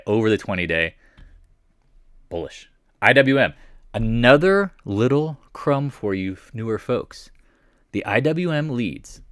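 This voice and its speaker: A man's voice: medium pitch, fairly bright tone, no echo, studio quality. A man walking through stock charts in casual commentary, blunt and mocking, firing off rhetorical questions. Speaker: market commentator.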